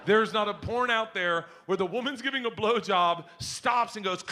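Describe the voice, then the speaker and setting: A man doing a stand-up comedy set, telling a story loudly and acting out the other people in it with shouted voices. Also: sits high, moderate pace, few pauses, noisy background. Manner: loud, animated storytelling that jumps into shouted voices. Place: comedy club stage before an audience.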